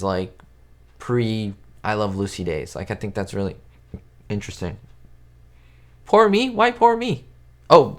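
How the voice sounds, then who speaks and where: A man with a fairly low voice chats casually on a live stream and answers viewers' questions as they come in. He rambles and keeps restarting his sentences. His talk is loose, with lots of "like" and "you know". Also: smooth. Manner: chatty, rambling, many fillers and restarts. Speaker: YouTube host answering live chat. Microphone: webcam setup at home.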